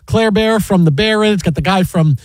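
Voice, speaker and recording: Chatty high-voiced sports radio host. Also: male voice, a little fast, no room sound. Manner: rambling, chatty, self-interrupting. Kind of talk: casual talk-show banter.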